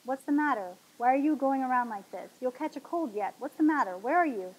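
A woman's voice: high-pitched, expressive, a little fast, husky, highs cut off. A woman reading a novel aloud, voicing a fretful, absent-minded old grandmother. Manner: fretful, fussing.

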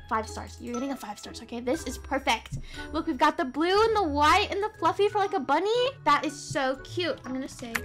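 A high, sing-song Australian woman talks through her gameplay in a bubbly, excitable way. Her voice leaps up and down as she gasps and gushes. Game music plays clearly underneath her voice-over. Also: brisk. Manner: bubbly, gasping, lots of "like" and "oh my gosh". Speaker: gaming YouTuber. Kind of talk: casual gameplay commentary.

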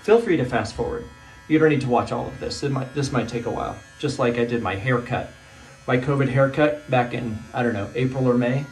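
A nervous middle-aged teacher rambles to his propped-up phone from a bathtub in a small bathroom, exclaiming to himself along the way. He speaks briskly at medium pitch, with a little hiss or hum on the recording.

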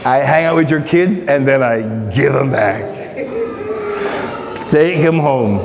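A man's voice: fairly high pitch, animated, slow, long pauses, a crowd in the background. A male pastor leading a conversational Bible study, joking with and teasing members of his congregation by name. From Australia. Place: church hall. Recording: echoey church hall.

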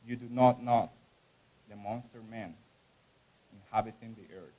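A man reads a poem aloud at a campus event, slow and solemn. His voice sits a little low, and he leans hard into certain words, letting them swell before falling away. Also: fairly even intonation, warm tone, low-quality recording. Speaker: event reader. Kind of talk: poetry reading at a campus event.

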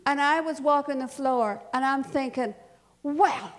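An older woman tells a family story at a church service in a church hall, chatty and often laughing. Her voice sits high and she speaks at normal speed.

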